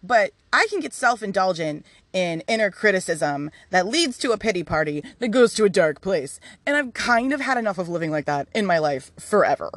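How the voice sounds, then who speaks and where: A woman's voice: mid-range voice, sing-song, fairly quick, few pauses, dry recording. A woman hosting a casual personal podcast, talking candidly and swearing freely while recording outdoors in a yard. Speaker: podcast host.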